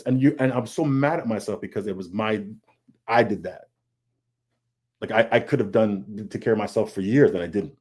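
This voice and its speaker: Speaking fairly quickly in a medium-pitched, darkish voice, a man guesting as a comic artist on a video call panel talks candidly and earnestly. He often repeats words and quotes his own thoughts, in a confessional manner.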